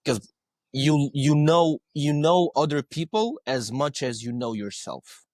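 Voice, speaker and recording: A man's voice: a little high, animated, measured pace, darkish tone, no echo, studio quality. A male podcast guest telling stories in a conversational way, earnest, often checking in with "right?" and repeating his words. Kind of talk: conversational storytelling.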